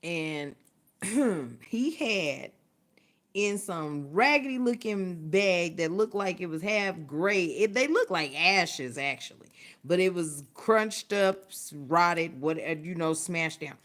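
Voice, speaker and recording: A woman's voice: lowish voice, expressive, takes it slowly, fairly bright tone. A woman hosting a livestream, telling a story in casual, profane talk and laughing often. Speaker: livestream host. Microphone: phone or webcam, livestream.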